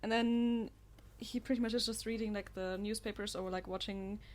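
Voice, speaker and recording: A young woman talks through an idea in a casual podcast chat among friends. She pauses often and leans on fillers, her pitch at an ordinary level for a woman. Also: fairly even intonation, darkish tone. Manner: hesitant, filler-heavy explaining. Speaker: podcast co-host.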